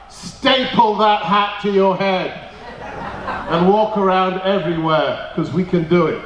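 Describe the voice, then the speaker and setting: Guy doing a lively rally speech, slightly high voice, echoey hall, mic kinda far off. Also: measured pace, highs cut off, a little hiss or hum. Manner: animated, emphatic, jokey anecdotes. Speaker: guest speaker at a party meeting. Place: meeting hall. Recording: roomy hall, distant mic.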